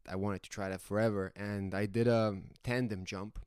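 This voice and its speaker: A young man from Serbia with a Serbian accent, telling a story casually, animated and swearing freely. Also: fairly low pitch, normal speed, clean tone, no room sound, studio quality. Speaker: vlogger.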